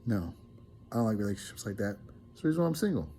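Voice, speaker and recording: A man's voice: on the low side, big pitch swings, fast talker, gravelly, warm tone, faint music behind. A man casually telling a story to his viewers, rambling and earnest, with many restarts. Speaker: relationship vlogger.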